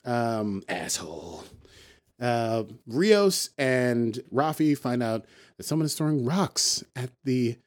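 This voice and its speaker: A man's voice: mid-range voice, expressive. Rambling man recapping with playful asides. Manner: rambling, playful, does quick character voices when quoting. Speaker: podcast co-host. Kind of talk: casual recap chat.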